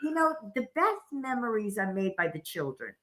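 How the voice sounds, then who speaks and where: An older woman with a mid-pitched voice co-hosts a psychic show. She talks in a chatty, encouraging way, reading horoscopes and sharing family memories. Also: big pitch swings, normal speed, fairly bright tone. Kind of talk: casual chat and astrology reading.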